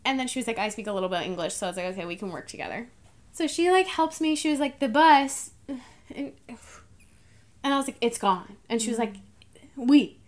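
A young woman co-hosting a podcast, telling a travel story in a casual, animated way and acting out the dialogue. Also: fairly high pitch, fairly quick, long pauses. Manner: animated storyteller, acts out dialogue, laughs often. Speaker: podcast co-host.

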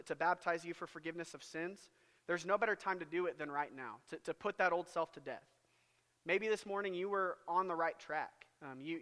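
A man's voice: fairly high pitch, fairly bright tone, big-room sound. A young man preaching a sermon in a church, earnest, often repeating words as he begins a phrase. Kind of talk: sermon with an invitation. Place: church sanctuary.

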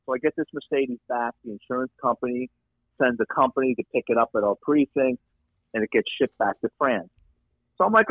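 A man tells a story from his police days with lively swings in pitch, swearing freely and acting out each person he met. His voice is husky and thin, squeezed into a tinny phone-like band. The room sound is dry and close. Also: fairly quick, no room sound. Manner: animated, profane, acts out the people in his story. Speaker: guest, former police detective. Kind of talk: casual storytelling.

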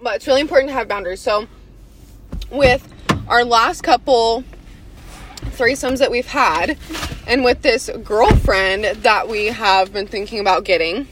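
A woman's voice: on the high side, unhurried, noisy background. A woman hosting a podcast in candid, casual chat, slightly out of breath and often saying "y'all". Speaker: podcast host.

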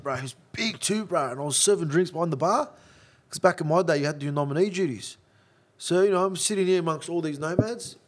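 Gravelly, blunt man. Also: fairly high pitch. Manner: blunt, profane, calls listener bro. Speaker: interview guest. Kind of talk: casual storytelling chat.

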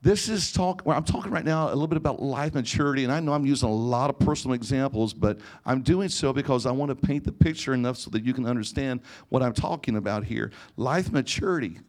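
A man's voice: mid-range voice, fast talker, few pauses, darkish tone. A man preaching a sermon, telling personal stories and acting out conversations with frequent restarts. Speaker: pastor.

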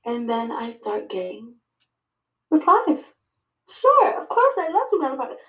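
Animated woman telling a story, roomy echo. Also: high-pitched. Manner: animated storyteller, acts out her own dialogue; halting, with many fillers and restarts. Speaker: podcast guest and podcaster. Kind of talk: casual interview chat.

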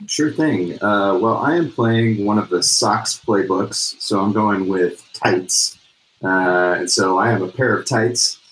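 A man's voice: on the low side, takes it slowly, a bit bright. A man playing a tabletop game, talking in an easygoing, brief way. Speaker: player. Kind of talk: casual game chat. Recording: echoey room with faint background noise.

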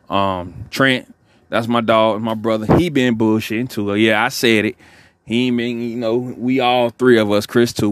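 A man's voice: on the low side, no room sound. Rambling laid-back podcast host, a man. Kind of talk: casual podcast sign-off.

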